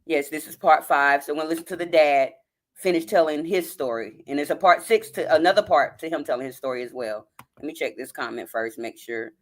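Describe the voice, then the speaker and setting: A woman's voice: low-pitched, brisk. A woman hosting a live stream, choked up and near tears as she reads a story aloud and talks to her viewers as y'all. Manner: addresses viewers as y'all, greets chat by name. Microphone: phone.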